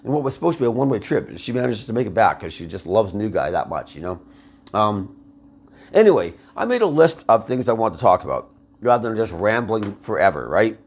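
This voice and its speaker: A man's voice: on the low side, sing-song, brisk. A man commentating casually, retelling a story with laughs and rambling asides. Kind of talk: casual video essay retelling.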